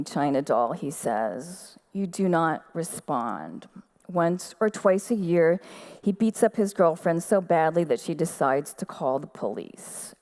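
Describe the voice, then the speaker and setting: A woman giving a measured, quiet literary reading of her own fiction at an outdoor festival stage. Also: sits low, lively intonation.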